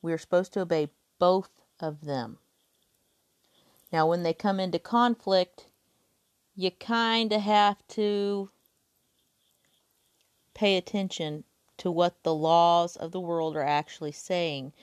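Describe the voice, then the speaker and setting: Woman, low voice, unhurried, earnest, Bible reading then casual commentary. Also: steady tone, smooth, dry recording, clean studio sound. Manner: slow, earnest, with restarts. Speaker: podcast host.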